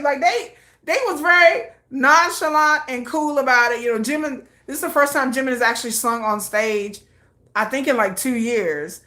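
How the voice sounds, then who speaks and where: A middle-aged woman hosting a casual K-pop news chat, chatty and excitable, often slipping into quick acted quotes. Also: sits high.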